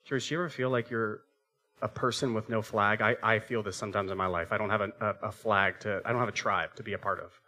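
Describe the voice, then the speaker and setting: A man's voice: on the low side, steady tone, fast, pushed and bright. A man in his thirties preaching a sermon as pastor, telling a family story with acted-out voices and asking the congregation rhetorical questions.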